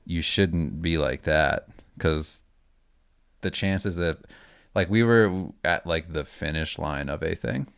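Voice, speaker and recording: A man with a deep, smooth, resonant voice gives earnest advice in a casual chat. He talks in a loose, halting way, and the sound is close and dry. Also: dry recording. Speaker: artist streamer.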